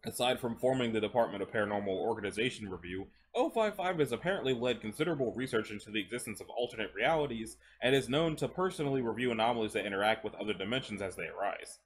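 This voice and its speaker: A man's voice: lowish voice, animated, quick pace, hardly any pauses, slight background noise. Chatty man reading while chewing gum. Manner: chewing gum while talking, chatty asides, stumbles over words. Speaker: story reader. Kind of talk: casual reading of stories with asides.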